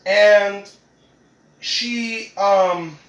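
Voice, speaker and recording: A man's voice: high-pitched, drawn-out words, a bit bright, roomy sound, rough recording. A young man hosting a podcast, talking casually and animatedly, laughing often and acting out what others said. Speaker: podcast host.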